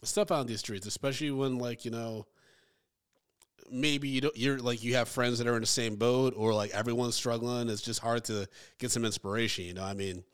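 A man's voice: medium pitch, steady tone, a little fast, clean tone. A man co-hosting a casual movie-review podcast, joking, reading out trivia and acting out scenes. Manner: jokey, reads out trivia, acts out scenes. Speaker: podcast co-host.

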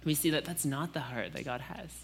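A young man preaching a Sunday sermon in a relaxed, conversational way, with casual fillers and restarts. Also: fairly high pitch, a little fast, vocal fry, a little hiss or hum.

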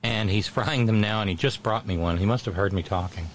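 A man's voice: fairly low pitch, a little hiss or hum. Stammering chatty male radio host. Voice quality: halting, stammering restarts. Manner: chatty storyteller, wry and self-deprecating. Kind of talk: casual on-air chat.

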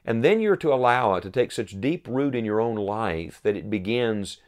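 An earnest man delivering a sermon in a fairly low voice. He reads old scripture wording aloud and presses his points home with repeated phrases and deliberate pauses. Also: animated. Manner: slows for emphasis, rising repeated phrases. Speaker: preacher.

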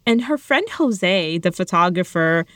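A woman's voice: on the low side, lively intonation, measured pace, a bit bright, no room sound, studio quality. Blunt joking woman recapping a movie. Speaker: podcast co-host. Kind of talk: casual chat recapping a movie.

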